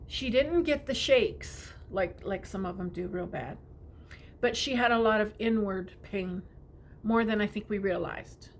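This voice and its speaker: Soft-spoken woman telling a tender story. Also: medium pitch, a little slow, slight background noise. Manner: tender, often drops to a whisper. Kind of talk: personal storytelling.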